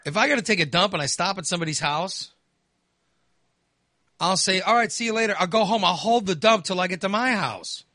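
A man hosting a talk show who tells a crude story in an animated, exasperated way and swears freely. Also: high-pitched, brisk, long pauses, no echo. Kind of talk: casual storytelling chat.

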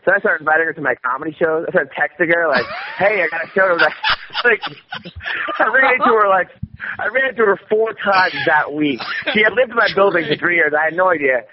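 A man telling a rambling, animated story in casual conversation, swearing often and restarting his sentences. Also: fairly high pitch, fast talker, crowd noise. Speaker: guest comedian. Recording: dull radio-style audio with faint noise.

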